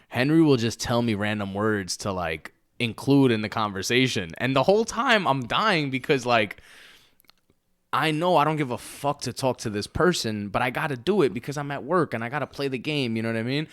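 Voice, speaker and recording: A man's voice: medium pitch, lively intonation, normal speed, a bit bright, no room sound, studio quality. A man in his twenties co-hosting a podcast, loose and profane and laughing often as he tells stories. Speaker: podcast co-host. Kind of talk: casual podcast banter.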